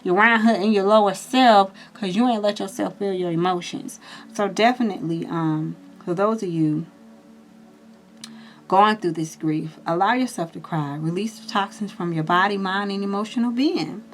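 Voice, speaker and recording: A woman's voice: medium pitch, normal speed. A woman giving a casual astrology and tarot reading, chatty and reassuring, speaking directly to her viewers. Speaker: tarot reader.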